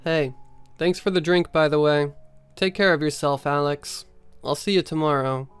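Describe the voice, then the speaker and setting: A man's voice: a little high, fairly even intonation, normal speed, smooth, faint music behind, natural voice. A man voicing a stern middle-aged police detective in a horror story reading, firm and formal.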